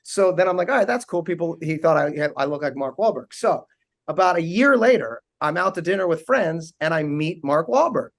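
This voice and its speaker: A man in his forties tells funny anecdotes as a talk show guest, laughing often as he goes. His voice sits a little high, and he keeps an animated storytelling rhythm. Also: moderate pace, creaky. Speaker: guest, actor and team owner. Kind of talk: casual interview storytelling.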